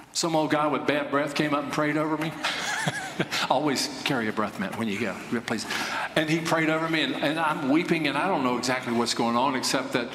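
A man's voice: medium pitch, pushed and bright, slight background noise. A man preaching a sermon, telling a personal story earnestly and rising to emphatic points. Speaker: pastor. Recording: echoey hall with faint ambience.

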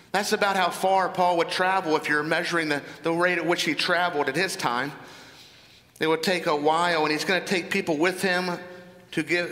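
A man's voice: on the high side, bright, forceful tone, big-room sound. A man preaching a sermon as pastor, earnest and full of rhetorical questions.

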